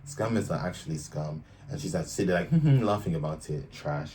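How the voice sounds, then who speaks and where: A young man with a very low voice reacts to clips in casual, slangy commentary. He talks bluntly and mocks what he sees, with a faint hiss of noise behind him. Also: expressive, brisk, a little mellow. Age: young adult. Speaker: reaction video host.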